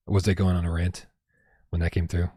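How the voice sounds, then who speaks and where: Guy streaming games from home, kinda husky low voice, dry close mic, rambles and restarts a lot. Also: level tone, fairly quick, warm tone, no echo. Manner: rambling, reads out viewer tips, frequent restarts. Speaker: livestream host. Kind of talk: casual livestream chat.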